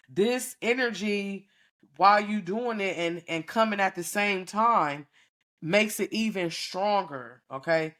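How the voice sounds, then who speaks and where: A woman's voice: on the low side, moderate pace, a bit bright. Woman podcast host; frank, profane, teacherly, keeps asking "okay?". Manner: blunt, profane, preachy; keeps checking in with listeners. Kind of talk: casual frank monologue to listeners.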